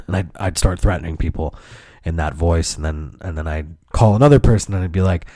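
Low-voiced man telling profane stories. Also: a little fast, mellow, no echo, clean studio sound. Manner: profane, rambling and laid-back. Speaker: podcast host. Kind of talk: casual comedic storytelling.

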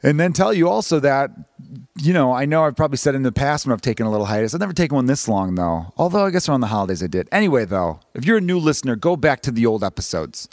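A man in his thirties, hosting his own podcast as a comedian, talking fast and rambling with casual swearing and self-deprecating asides. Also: medium pitch, big pitch swings, no room sound, studio quality. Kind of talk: casual solo podcast monologue. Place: home room.

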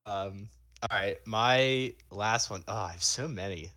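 A man's voice: fairly low pitch, sharp tone. A young man co-hosting a podcast, laid-back and laughing often in casual chat. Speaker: podcast co-host.

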